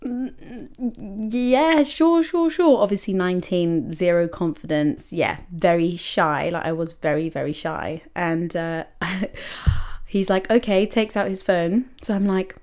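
A young woman hosting a podcast, telling a personal story in a lively, chatty way full of "like" and acted-out quotes of herself. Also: lowish voice, unhurried, clear, resonant tone. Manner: animated, many likes and quoted self-talk. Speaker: podcast host.

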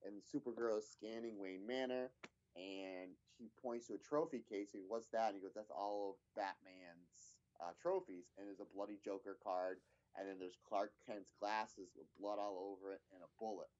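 Low-voiced man rambling through a recap. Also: steady tone, moderate pace, a little mellow, muffled recording. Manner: rambling, many fillers and restarts. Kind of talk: casual chat recapping a TV episode.

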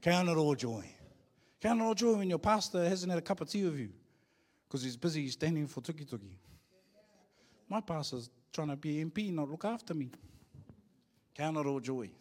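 Middle-aged kiwi pastor preaching in church, fairly high voice, jokey and playful, calls on the crowd to answer back. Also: male voice, expressive, brisk, darkish tone. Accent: New Zealand. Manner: joking, playful preaching with call-and-response. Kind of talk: sermon.

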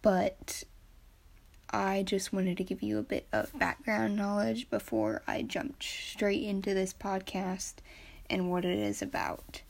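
A woman's voice: mid-range voice, slow, vocal fry, darkish tone. A young woman hosting her first podcast, sounding a bit nervous and earnest. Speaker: podcast host. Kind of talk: casual solo podcast intro.

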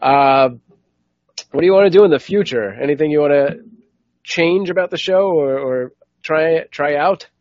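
A man's voice: fairly high pitch, moderate pace, a little mellow, dry recording, highs cut off. A man hosting a podcast in casual, easygoing chat who keeps steering the conversation back on track. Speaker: podcast host.

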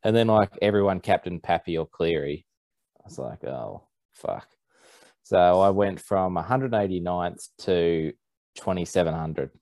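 Kiwi guy with a really deep voice, chatty and self-mocking, dry close mic. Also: moderate pace, a little mellow, no echo. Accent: New Zealand. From New Zealand. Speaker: podcast guest. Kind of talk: casual sports podcast chat.

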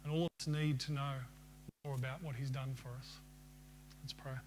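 Preaching at a moderate pace, a man with a medium-pitched voice and fairly even intonation puts questions to his congregation and finishes with a prayer. There's a little hiss or hum in the recording.

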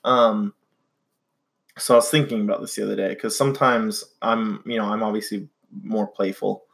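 A young man co-hosts a relaxed podcast, talking in a casual, meandering way. His voice sits a little low, and he keeps circling back with fillers and restarts. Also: moderate pace, creaky. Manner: rambling, many fillers and restarts. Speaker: podcast co-host. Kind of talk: casual chat.

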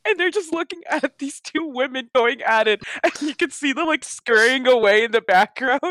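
A woman's voice: sits high, lively intonation, normal speed, a bit bright. A young woman spinning a story in casual conversation, blunt and swearing freely. She sounds close and dry, with no room echo around her. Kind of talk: casual chat.

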